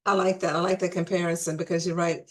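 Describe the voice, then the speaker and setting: Lady podcast host w/ hiccups, lowish voice, chatty, keeps restarting sentences. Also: little pitch movement, fast talker. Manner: chatty, restarts phrases often. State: has the hiccups. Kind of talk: casual conversational interview.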